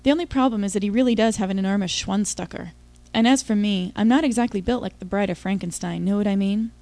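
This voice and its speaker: A woman's voice: medium pitch, fast talker, darkish tone, dry recording. A woman giving an intimate, confiding first-person audiobook narration.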